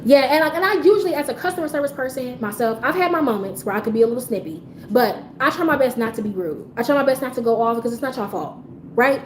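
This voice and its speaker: A woman with a fairly high voice chats to her live audience in a casual storytime. She is animated, swears freely and breaks into laughter. Her voice bounces around an echoey room, with a faint hiss of noise behind it. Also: fast talker. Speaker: livestream host telling a story.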